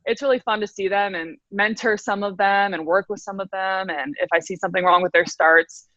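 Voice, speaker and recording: A woman's voice: mid-range voice, fairly even intonation, brisk, pushed and bright, no room sound. Upbeat young woman, laughs often. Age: 20s. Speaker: professional swimmer guest. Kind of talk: casual interview chat. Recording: dry, slightly dull audio.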